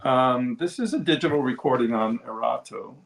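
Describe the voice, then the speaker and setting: A man on a music livestream presenting records casually with relaxed, brief remarks. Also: medium pitch, normal speed, gravelly, echoey room. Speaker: livestream co-host playing records. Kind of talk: casual chat.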